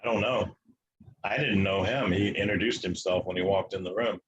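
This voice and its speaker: A man from the United States, a guest telling a long story in an interview, matter-of-fact and halting with fillers. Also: low voice, steady tone, a bit bright, lo-fi sound.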